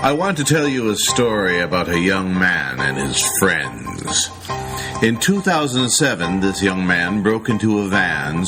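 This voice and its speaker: Low-voiced man reading a dramatic book promo. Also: rough recording. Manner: dramatic, insinuating. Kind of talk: scripted promotional read. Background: music.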